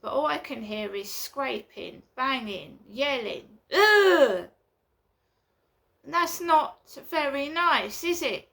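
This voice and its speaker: A woman vlogging from her flat, complaining at length in an agitated, repetitive way. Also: high-pitched, measured pace, vocal fry, hardly any pauses. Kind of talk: casual ranting monologue.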